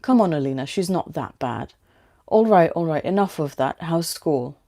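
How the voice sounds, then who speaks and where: A woman reading the part of a kind, soft-spoken young father, talking to his daughter and friend in a storybook. The voice stays mellow and fairly low, calm and reassuring rather than deep or gruff. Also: normal speed. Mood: gentle. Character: caring young father, gentle man.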